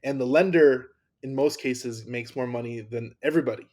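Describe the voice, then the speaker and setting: A man's voice: mid-range voice, normal speed, a little mellow. A man in a mid-range voice hosts a casual podcast chat. He sounds enthusiastic and keeps restarting his sentences as he talks. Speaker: podcast host.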